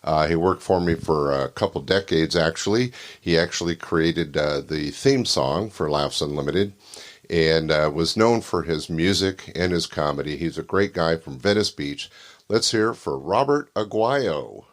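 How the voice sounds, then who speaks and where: Very deep-voiced older male host. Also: moderate pace. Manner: relaxed, filler-heavy talk. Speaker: comedy show host. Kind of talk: casual introduction.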